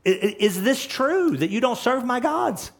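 A man's voice: very high voice, animated, a little slow, creaky, breathy edge, voice pushed up, heavily acted. A man voicing an angry ancient king who makes demands, in a commanding, indignant way. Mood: demanding.

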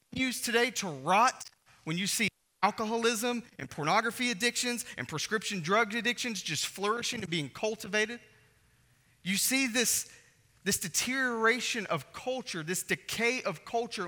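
A man's voice: high voice, sharp tone. A man preaching a sermon as pastor, emphatic and repeating phrases for stress. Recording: echoey hall reverb.

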